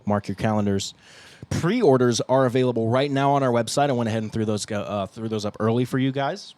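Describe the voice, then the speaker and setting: A man's voice: mid-range voice, fairly quick, darkish tone, no echo. A young man co-hosting a casual band podcast, joking and laughing a lot and acting out what people said. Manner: jokey, laughs often, acts out quotes. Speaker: podcast co-host, band guitarist. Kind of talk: casual chat.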